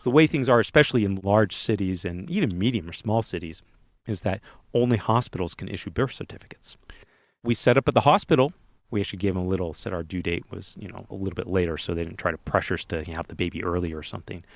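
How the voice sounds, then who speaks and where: Guy rattling off a story quick, lowish voice, dry close sound. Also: vocal fry, dry recording. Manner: lively, fast anecdotal telling. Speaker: podcast co-host telling a story. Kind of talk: casual storytelling.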